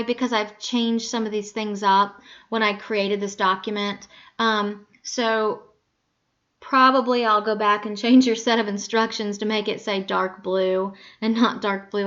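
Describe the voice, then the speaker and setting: A woman teaching a screen-recorded software lesson, patiently talking through each click and correcting her own slips aloud. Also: mid-range voice, muffled recording.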